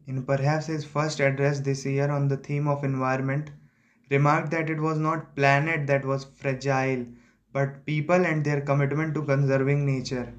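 A young man, reading a newspaper editorial aloud slowly and correcting himself often. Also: fairly high pitch, highs cut off. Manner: slow, deliberate reading with frequent self-corrections. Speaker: student practicing reading.

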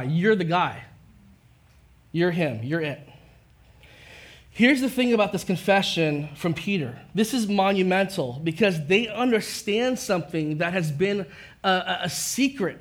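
Male pastor, fairly high voice, lively conversational sermon delivery. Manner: conversational, animated preaching with quick asides.

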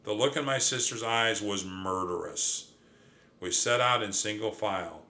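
Man, storybook narrator, expressive, lively, lowish voice, bright tone. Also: unhurried. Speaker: audiobook narrator.

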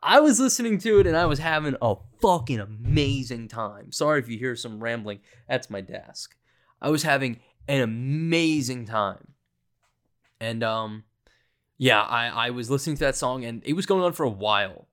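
A man's voice: medium pitch, expressive, moderate pace, fairly bright tone. Rambling sarcastic young man podcaster. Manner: sarcastic, self-deprecating, rambling storyteller. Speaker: podcast host. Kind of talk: casual solo podcast rambling.

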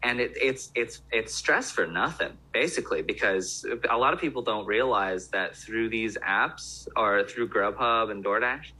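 A man's voice: fairly low pitch, lively intonation, measured pace, hardly any pauses, sharp tone, breathy edge, poor audio. A man who worked in restaurants, talking in loose casual chat with many restarts. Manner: rambling, lots of fillers and restarts.

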